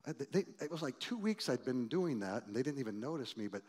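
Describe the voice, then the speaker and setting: A man in his sixties preaching from the pulpit, telling his own story in a middle-pitched voice. He swings from loud, acted-out voices to low, quiet reflection. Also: a little fast, breathy edge. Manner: animated, acts out quoted voices loudly, then drops low and quiet. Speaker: pastor. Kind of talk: storytelling sermon.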